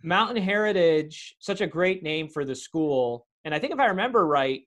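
A man in his thirties hosting a casual interview over a video call, chatty and quick to laugh. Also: a little high, lively intonation, a bit bright. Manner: chatty, laughs easily, rambling asides. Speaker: podcast host and teacher.

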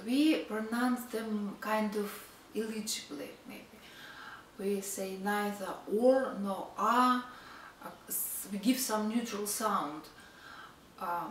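A Russian-accented woman gives a relaxed spoken language lesson. She talks very slowly and pauses often to find her words. Her voice sits back from the mic in a room with a faint hum. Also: mid-range voice, roomy sound, distant mic, poor audio. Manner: hesitant, many fillers, slow and explaining. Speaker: language teacher.

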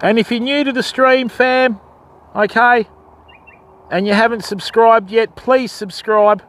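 Extremely high in pitch yet fairly even and unhurried, with a slight brightness, an Australian man hosts a casual fishing stream by a river. He talks with viewers and greets each by name.

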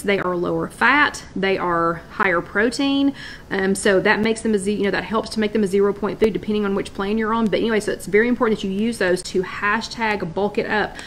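A woman's voice: medium pitch, slight background noise. A woman hosting a casual live-stream wellness chat, talking in a chatty, rambling way and greeting viewers by name. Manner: chatty, repeats and restarts, addresses viewers by name. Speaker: wellness workshop host.

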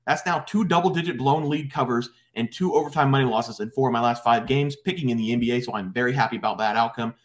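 A man hosting a sports betting picks show, running the segment in a brisk, upbeat presenter manner. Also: mid-range voice.

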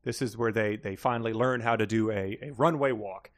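Man, mid pitch, podcast co-host, wry rambling remarks, dry close sound. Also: brisk, no echo. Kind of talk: casual book-review chat.

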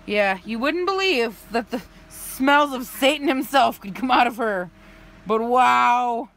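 Woman beauty vlogger, casual and giggly, rambling asides; voice a touch high. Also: lively intonation, takes it slowly, a bit bright. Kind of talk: casual chat. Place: camper.

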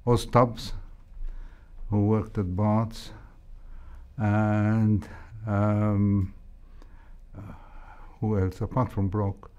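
An older heart surgeon with an Egyptian accent, whose first language is Arabic, shares stories from his surgical career as an interview guest. He is reflective, slow, and measured, often pausing with soft hesitations. His low voice is mellow, smooth, and level in tone.

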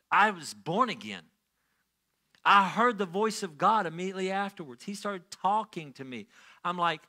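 Preaching in a high-pitched voice, a middle-aged man acts as pastor, weaving stories into his sermon and swinging from hushed remarks to loud, excited bursts.

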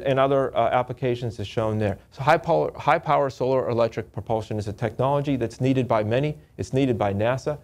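A man giving a technical presentation to an audience, often restarting and repeating words in a halting, upbeat way. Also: mid-range voice, a little mellow.

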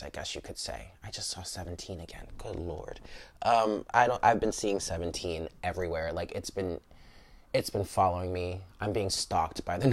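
A man with an American accent giving a casual, blunt tarot reading, cursing and exclaiming often as he talks to viewers. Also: fairly low pitch. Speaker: tarot reader.

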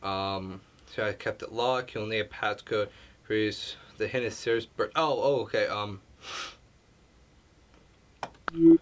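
A man's voice: lowish voice, fairly even intonation, moderate pace, a bit bright, a little hiss or hum. A young man casually commenting on a game he plays, reading messages aloud and reacting as he goes. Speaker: YouTube gamer. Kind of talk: casual let's-play commentary.

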